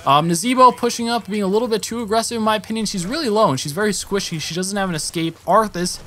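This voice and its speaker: Talking fast in a high-pitched voice, a young man rambles over his own gameplay with slight background noise present. He corrects himself frequently and jumps up excitedly when the action picks up.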